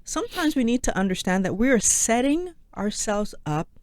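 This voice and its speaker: A woman's voice: fairly high pitch, very animated, moderate pace, no room sound. A middle-aged woman, a psychologist co-hosting a casual health chat, explaining with examples and rhetorical questions. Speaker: co-host, psychologist.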